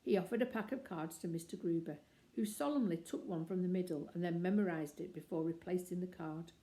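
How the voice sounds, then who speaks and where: Woman narrator, storybook reading aloud, gravelly, lively character voices. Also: lowish voice, brisk, low-quality recording.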